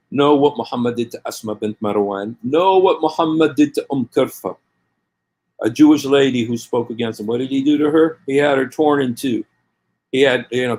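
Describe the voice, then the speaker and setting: Man preaching with repeated forceful phrases. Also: medium pitch. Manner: forceful and repetitive, hammering phrases again and again; calls listeners to pray along with him. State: angry. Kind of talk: impassioned preaching to camera.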